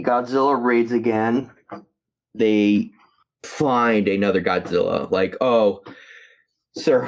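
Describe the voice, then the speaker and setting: A man co-hosting a podcast, reviewing a movie in casual chat, halting with many fillers and restarts. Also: fairly low pitch. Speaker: podcast co-host.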